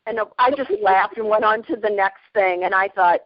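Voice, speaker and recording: A woman in her fifties, a podcast guest, telling stories in a lively, plainspoken way, often breaking into laughter. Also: medium pitch, normal speed, no room sound, highs cut off. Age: 50s. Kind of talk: casual storytelling.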